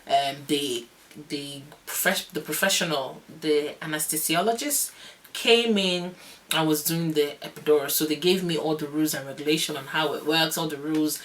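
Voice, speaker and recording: A young woman vlogger telling a long story in a casual, animated, rambling way, often laughing. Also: deep voice. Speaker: vlogger, new mother.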